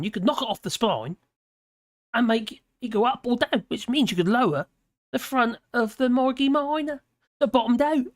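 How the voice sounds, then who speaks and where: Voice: mid-range voice, dry recording, clean studio sound. A chatty British live-stream host in their fifties with a mid-range voice. They read from notes, then drift into long personal tangents, chuckling as they go before pulling themselves back on track. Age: 50s. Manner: rambling, chatty, often laughing and wandering off topic. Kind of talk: casual commentary reading and digressing.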